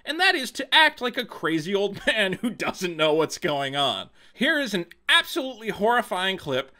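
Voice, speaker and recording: A man's voice: sits high, very animated, normal speed, sharp tone. A man hosting a comedic commentary video, sarcastic and incredulous, swearing and laughing as he reads quotes aloud.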